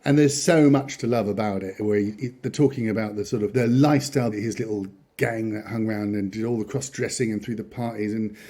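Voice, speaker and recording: A man's voice: lowish voice, steady tone, quick pace, hardly any pauses, warm tone. A man hosting a podcast in casual chat, rambling and chatty, often chuckling as he talks. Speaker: podcast host.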